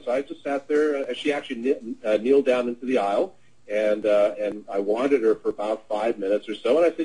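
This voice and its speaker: A man's voice: medium pitch, fast talker, dark tone, slightly rough, low-quality recording. A middle-aged man presenting a webinar, telling a sales anecdote in a casual, rambling way with many fillers and restarts. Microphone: webinar audio.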